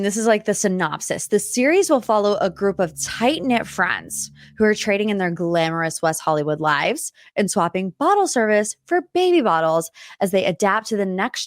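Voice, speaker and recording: A woman's voice: mid-range voice, no room sound, clean studio sound. Chatty woman hosting a podcast. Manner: chatty, rambling tangents. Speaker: podcast host. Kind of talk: casual pop culture chat.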